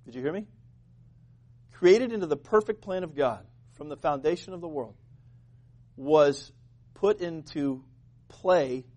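A man preaching a sermon as pastor, animated and joking, asking the congregation questions. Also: on the high side.

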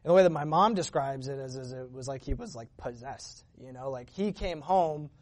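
A man's voice: medium pitch, moderate pace, darkish tone. A man sharing a personal testimony at church in an earnest, conversational way, often restarting his sentences. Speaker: church member giving a testimony.

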